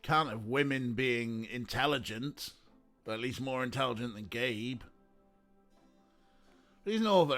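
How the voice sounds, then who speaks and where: A man's voice: mid-range voice, moderate pace, long pauses, fairly bright tone, soft background music. A man streaming an adventure game, making joking asides and laughing at the dialogue. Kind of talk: casual let's play commentary.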